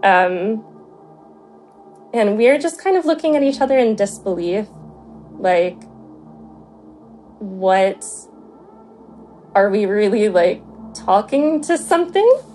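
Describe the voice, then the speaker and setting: A woman's voice: medium pitch, sing-song, slow pace, pauses often, mellow. A young adult woman casually recounting a personal story as a podcast guest, talking in a chatty way full of fillers. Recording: faint background noise.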